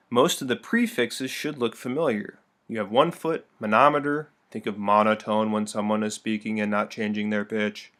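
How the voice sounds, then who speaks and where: A man's voice: medium pitch, a bit bright. A young man teaching a recorded lesson, playful and full of joking asides.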